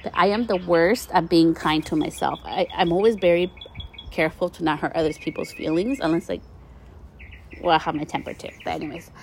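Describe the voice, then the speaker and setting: A woman in her thirties with a somewhat low voice chats to her listeners in a relaxed, encouraging podcast monologue. She records outdoors by her country house. Faint birdsong and outdoor ambience sit behind her voice. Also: fairly quick, vocal fry, slight background noise. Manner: warm, chatty, encouraging, addresses listeners as "you guys". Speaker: podcast host.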